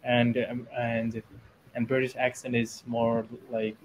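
A man's voice: medium pitch, completely flat delivery, slow pace, slight background noise, poor audio. A man learning English, chatting on a video call and asking curious short questions about accents. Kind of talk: casual video-call conversation.

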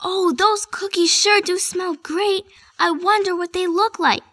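A woman voicing a weepy, eager young schoolgirl in a storybook reading, with a high, childlike voice. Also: steady tone, measured pace, a bit bright, no room sound, studio quality. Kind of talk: storybook character voice.

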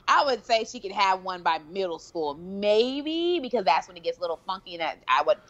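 A young adult woman from Georgia, a guest telling stories in a lively, animated way. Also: medium pitch, a little fast, dull audio. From Georgia, USA. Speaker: guest, bodybuilding champion. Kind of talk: casual interview chat.

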